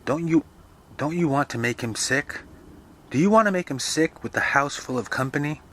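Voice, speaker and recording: A man's voice: fairly high pitch, lively intonation, normal speed, a bit bright, a little hiss or hum, voice pushed up. A man voicing a nervous, self-pitying older mother who frets and complains. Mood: alarmed. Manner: fretful, plaintive.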